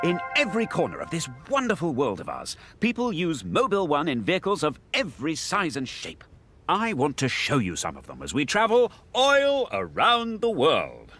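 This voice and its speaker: An actor playing a fussy, pompous professor in a cartoon, prim and exasperated. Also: male voice, on the high side, wildly swooping pitch, moderate pace, fairly bright tone. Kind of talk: animated ad voice acting. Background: music.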